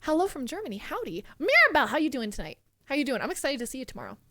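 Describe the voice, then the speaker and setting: A woman streamer chatting casually with her live chat, excitable and giggly, swearing freely. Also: sits high, rapid-fire, no echo. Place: home streaming room.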